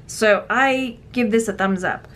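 A woman's voice: a little high, a little slow, a bit bright. A woman, chatting playfully in a casual unboxing vlog, sorting jewelry to resell. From Texas. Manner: chatty, playful, talks to objects.

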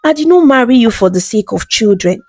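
A woman's voice: on the high side, expressive, fairly quick, darkish tone, no room sound, faint music behind. A woman reading the lines of a devoted young husband in an audiobook-style folktale, earnest and loving. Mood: tender.

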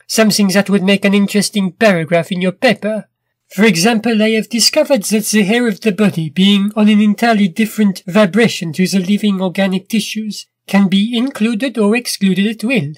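A sly, sneering inventor villain, put on by a male storybook narrator, smooth and mocking with a raised, thin pitch. The voice is dry and close, with no room sound. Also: dry recording, natural voice. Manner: smooth, mocking, then stammering when scared.

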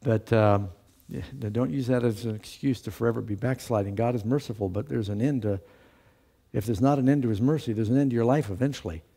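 A man leads a Bible study lesson with a warm, mellow tone at a middle pitch. He quizzes his class and answers his own questions. When he reads scripture aloud, he gives the lines extra lift. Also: fairly quick, gravelly, breathy edge. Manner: asks the class questions and answers them himself.

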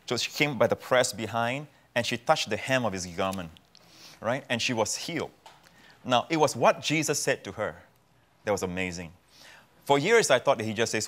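Male pastor, mid-pitched, emphatic, preaching as a guest in a TV studio interview. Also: animated, normal speed, a bit bright. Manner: emphatic, repeats phrases for effect. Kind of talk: preaching in a talk show interview.

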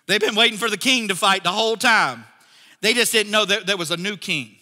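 A man preaching a sermon as a pastor, telling a story with lively acted-out dialogue. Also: high voice, normal speed, in a large hall. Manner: animated storytelling, acts out characters in dialogue.

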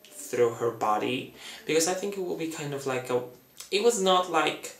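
A man talking through a fan theory in a chatty, dramatic way, acting out quotes in a high voice. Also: lively intonation, normal speed, a bit bright, roomy sound. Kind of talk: casual fan theory talk.

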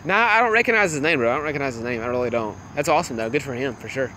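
A young man casually chatting with viewers on a livestream while playing a phone game, excitable and laughing often. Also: medium pitch, very fast, a little hiss or hum. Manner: excitable, laughs a lot, greets chat viewers. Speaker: livestream gamer.

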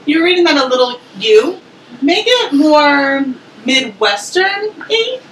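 A woman's voice: high voice, big pitch swings, takes it slowly, fairly bright tone, slight background noise. A woman playing a curt, dismissive casting director in a comedy sketch. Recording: roomy, distant mic with faint ambience.

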